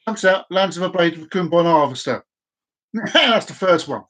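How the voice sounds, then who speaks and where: A man hosts a casual live stream with a high voice. He rambles, tumbles over repeated words and keeps losing his place. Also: expressive, normal speed, a bit bright.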